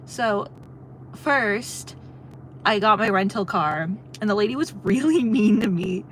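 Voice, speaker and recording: A woman's voice: medium pitch, animated, a little slow, a little hiss or hum. Chatty young woman yapping on a road trip. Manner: chatty storyteller, laughs often, addresses chat. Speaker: livestreamer reading chat. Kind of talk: casual chat.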